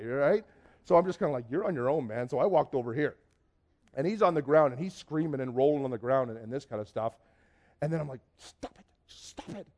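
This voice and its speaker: A man from Canada, telling a personal testimony in a lively storytelling way, acting out dialogue and often restarting his sentences. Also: a little high. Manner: lively, acts out dialogue, frequent restarts and repeated words. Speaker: speaker giving a personal testimony.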